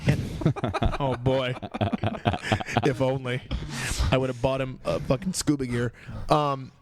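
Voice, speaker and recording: A middle-aged man, a podcast guest, telling stories in a casual, animated way and acting out other people's voices. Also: medium pitch, takes it slowly, crowd noise. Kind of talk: casual storytelling.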